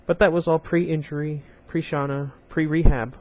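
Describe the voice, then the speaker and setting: A man's voice: a little high, little pitch movement, normal speed, darkish tone. A man hosting a casual read-aloud of a young adult novel. He reads the story plainly and often breaks off to chat with his viewers. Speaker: channel host reading a novel aloud.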